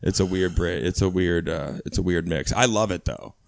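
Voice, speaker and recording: A man's voice: low voice, normal speed, creaky, no room sound, clean studio sound. A young man in casual podcast chat, laughing often and joking loosely. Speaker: podcast guest.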